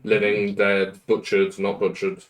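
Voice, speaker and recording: A man running a tabletop role-playing game as game master, answering the players in a measured, deliberate way with frequent fillers. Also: lowish voice, completely flat delivery, poor audio.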